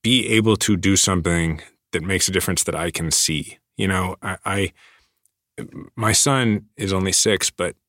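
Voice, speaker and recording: Deep-voiced man, earnest and halting. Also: fairly bright tone, dry recording, studio quality. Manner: earnest, halting with many restarts. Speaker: guest. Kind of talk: casual interview talk.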